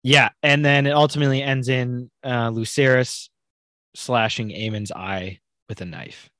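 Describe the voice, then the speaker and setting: A man recaps a fantasy drama in a loose, excitable ramble, full of asides and quick laughs. His voice sits at an ordinary middle pitch, and the recording is dry and close with no room sound. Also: no echo. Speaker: podcast co-host. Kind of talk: casual show recap chat.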